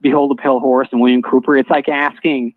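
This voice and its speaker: A man telling a personal story as a guest in casual chat, halting, with many fillers and restarts. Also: medium pitch, flat delivery, dry recording. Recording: dull lo-fi online audio stream.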